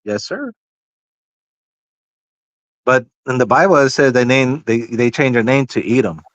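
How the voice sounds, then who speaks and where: A man spins a casual story in a middle-pitched voice, swearing freely and acting out each exchange he quotes. The sound is dry and close, with no room echo. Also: unhurried, highs cut off. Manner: profane, animated, acts out quoted dialogue.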